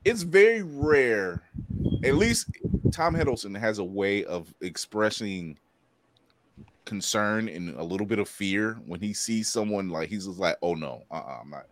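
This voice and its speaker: A man co-hosting a casual podcast review chat, animated and laughing often as he acts out quotes. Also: lowish voice, unhurried, a little hiss or hum. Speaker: podcast co-host.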